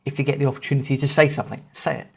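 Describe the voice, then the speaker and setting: A man, hosting a podcast and telling a travel story in a lively, self-mocking, casual way. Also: mid-range voice, rapid-fire, creaky, breathy edge. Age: 30s. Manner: animated, self-mocking anecdote telling with swearing. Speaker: podcast host.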